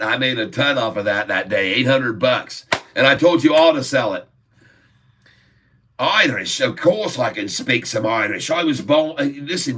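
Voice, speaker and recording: A man's voice: mid-range voice, sharp tone, distant mic. A man hosting a casual livestream from his phone, jokey and rambling, laughing often. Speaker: livestream host.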